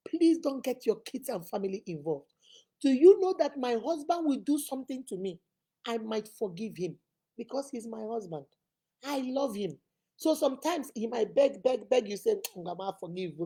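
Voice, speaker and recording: A woman's voice: sits high, warm tone, slightly rough. A woman with a Nigerian accent giving emphatic relationship advice to camera, acting out quoted people as she goes. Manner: emphatic, preachy, mimics people with voices.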